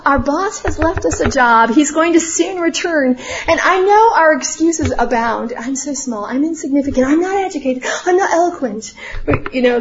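Earnest high-voiced woman preaching. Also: dull audio. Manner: earnest, conversational, with rhetorical questions. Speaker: speaker at a church gathering. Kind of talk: prayer and Bible teaching talk.

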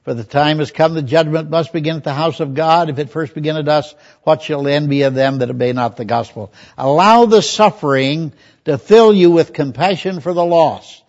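A man's voice: a little high, moderate pace, a little mellow. An older man, a pastor, preaching a conversational sermon, telling folksy stories and reading scripture aloud. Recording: dull lo-fi recording.

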